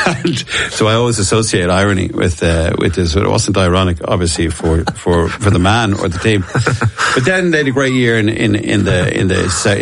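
A man's voice: deep voice, gravelly, dry recording. Rambling middle-aged Irish man. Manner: rambling storyteller, many restarts and laughs. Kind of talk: casual chat.

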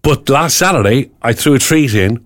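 A radio host chats with a lively, swooping voice, often jumping into playful put-on voices. The studio sound is dry and close. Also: male voice, medium pitch, normal speed, no room sound. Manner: chatty, animated, jokes in put-on voices. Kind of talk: breakfast radio chat.

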